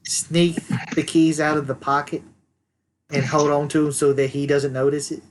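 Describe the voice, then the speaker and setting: A player in a tabletop game, answering with soft, quick, offhand replies. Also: mid-range voice, flat delivery, poor audio. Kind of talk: casual tabletop play.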